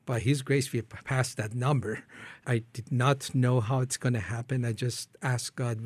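A man's voice: medium pitch, steady tone, normal speed, no room sound. A man from Iran, founder of a ministry, tells his life story as an interview guest, earnestly acting out his own prayers.

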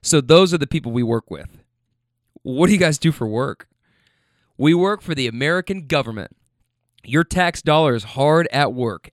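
Animated man telling a story, dry close sound. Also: a little high, moderate pace, no room sound. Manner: animated, acts out the passengers' voices with quoted lines and laughs. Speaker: storyteller recounting a rideshare passenger story. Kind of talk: casual storytelling.

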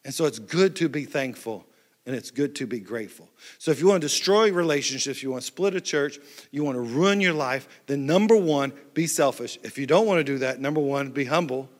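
A man preaching a lively, playful sermon to a church crowd on a handheld mic. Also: medium pitch, brisk. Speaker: pastor. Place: large church hall. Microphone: handheld microphone. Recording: echoey church hall.

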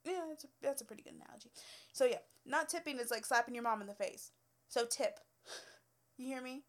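Young woman, ex-hairstylist, slightly high voice, blunt swearing rant with frequent laughs. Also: a little fast. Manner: blunt, profane, exasperated, laughs often. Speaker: former hairstylist telling work stories. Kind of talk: casual storytelling rant.

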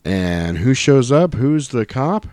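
A man's voice: mid-range voice, very animated, takes it slowly, darkish tone, clear, resonant tone, no room sound, clean studio sound. A middle-aged man co-hosting a podcast, recapping a film in a rambling, casual way and acting out lines in voices. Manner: rambling, quoting scenes in voices. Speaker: podcast co-host. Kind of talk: casual movie recap chat.

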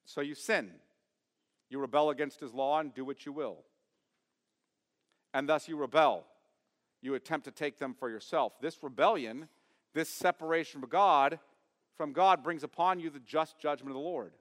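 A man preaching a sermon as pastor, emphatic, asking his congregation questions and swinging from loud stress to quiet asides. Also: a little high, moderate pace, long pauses, long reverb tail. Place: church sanctuary.

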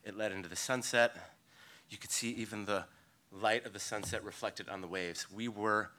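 A man, a local surfer, telling a personal story live on stage, in a vivid, halting way that swings between excited bursts and hushed passages. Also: fairly low pitch. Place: live storytelling event before an audience.

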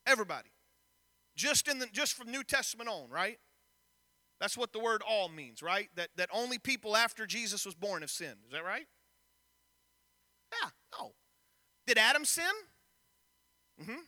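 A man delivers a sermon from a church pulpit. His voice sits very high and sounds bright and cutting as he reads scripture and throws questions at the congregation. A long reverb from the hall trails behind each phrase. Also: big pitch swings, normal speed, long pauses. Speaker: pastor. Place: church sanctuary.

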